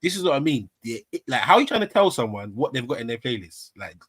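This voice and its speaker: A man's voice: medium pitch, very animated, quick pace, fairly bright tone, no room sound. A Jamaican man, chatting on a live panel in a laid-back, slangy way, getting defensive as he jokes. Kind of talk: casual panel chat.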